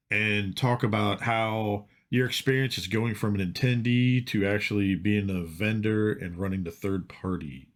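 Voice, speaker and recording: A man hosting a podcast, chatting in a laid-back, rambling way with lots of "like" and "dude". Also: lowish voice. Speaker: podcast host. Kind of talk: casual chat.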